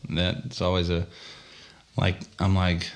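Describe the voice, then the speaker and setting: A man's voice: deep voice, monotone, slow pace. A man with a Texan accent, co-hosting a casual podcast, chatting in an upbeat, playful way. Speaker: podcast co-host. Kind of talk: casual chat.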